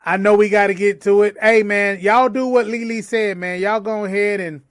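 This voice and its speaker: A man's voice: high voice, fairly even intonation, moderate pace, clean tone, no room sound. A man co-hosting a livestream talk show, chatting casually in laid-back slangy banter and joking with his co-hosts. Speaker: podcast co-host.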